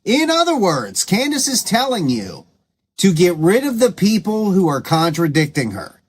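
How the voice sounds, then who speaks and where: Lively, sarcastic male commentary host. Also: high voice, moderate pace, slight background noise. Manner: sarcastic, scolding. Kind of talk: combative political commentary.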